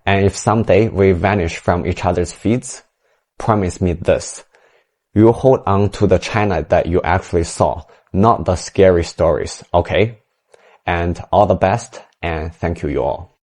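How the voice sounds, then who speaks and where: A man giving a sincere, soft-spoken message to his followers. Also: deep voice, a little slow.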